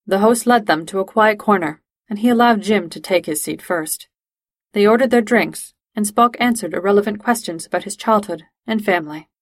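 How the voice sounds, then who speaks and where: A woman narrating a fan-fiction audiobook in a steady, even storytelling manner. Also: medium pitch, normal speed, no echo.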